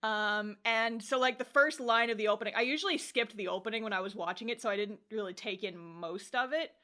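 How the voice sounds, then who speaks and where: A young woman co-hosting a podcast, casually recapping an anime episode with animated storytelling, acting out characters' lines, laughing and swearing. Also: mid-range voice, a little fast. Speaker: podcast co-host reviewing anime.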